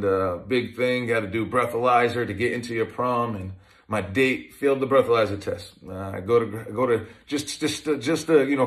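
A man in his thirties, a former pro football player, telling his life story in a conversational way, with many restarts. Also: medium pitch. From Massachusetts, USA. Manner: conversational, with frequent restarts and fillers. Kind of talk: personal storytelling talk.

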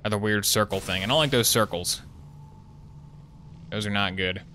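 A young man chatting sarcastically as he plays, drifting into jokes and tangents. His voice sits a little low but sounds bright and forward. A faint noise floor hums under the recording. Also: moderate pace. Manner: sarcastic, rambling, jokey asides. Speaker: gaming streamer. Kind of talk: casual live gameplay commentary.

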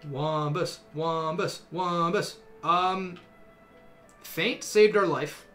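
A man's voice: a little high, extremely slow, a bit bright, faint music behind. A young man giving casual, rambling commentary while streaming a game, with many fillers.

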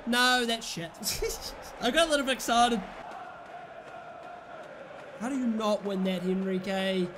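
Young British man, gameplay commentator, very high voice, exasperated and shouty. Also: measured pace, pauses often, crowd noise, background noise. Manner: exasperated, yells at his players and the referee. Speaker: gaming YouTuber.

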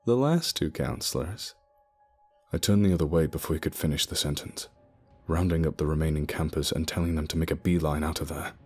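A man narrating a spooky story in the first person, telling it in a steady, low-key way. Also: fast talker, breathy edge. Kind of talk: scripted horror narration. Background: soft music.

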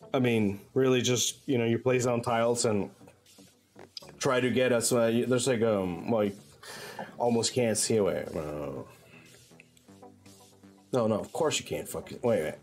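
In this casual stream chat, a man plays a game and talks loosely with his audience, cursing often and wandering through restarts and fillers. His medium-pitched voice is a little mellow, with faint music in the background.

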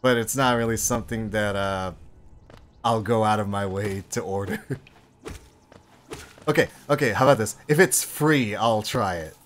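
A man's voice: lowish voice, normal speed, pauses often, a bit bright, a little hiss or hum. A man hosting a casual game stream, chatting loosely, talking to himself and swearing now and then. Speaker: streamer host. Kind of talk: casual gameplay chat.

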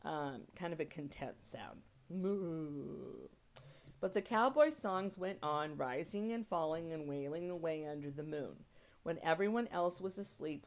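A woman teacher at home, reading a children's novel aloud and pausing to explain words with casual asides. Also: deep voice, a little mellow. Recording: dull lo-fi recording.

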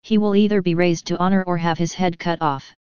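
A woman's voice: fairly low pitch, fairly even intonation, a little fast, darkish tone, clean tone, no echo, highs cut off, close to an everyday voice. A woman voicing a male horse dealer at a bazaar, gossiping in a matter-of-fact way. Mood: scoffing.

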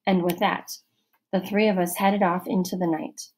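A woman reading a children's novel aloud as a first-person narrator, steady and expressive. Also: lowish voice, normal speed, rough recording. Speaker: audiobook narrator.

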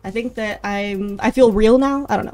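A woman's voice: mid-range voice, moderate pace, darkish tone, faint music behind. A young woman streamer chatting casually with her viewers, giggling often.

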